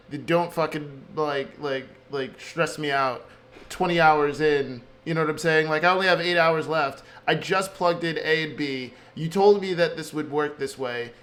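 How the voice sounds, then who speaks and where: A man's voice: on the high side, fairly bright tone. A man coding at home, venting in a casual, rambling monologue, swearing freely and sounding frustrated. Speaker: software developer vlogger. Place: home basement room. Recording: roomy echo with faint hum.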